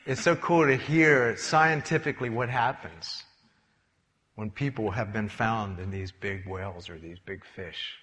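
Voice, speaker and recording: An older man preaching a sermon, telling stories in a lively way and acting out the characters. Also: fairly low pitch, measured pace. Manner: animated storytelling, acts out voices. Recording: long hall reverb.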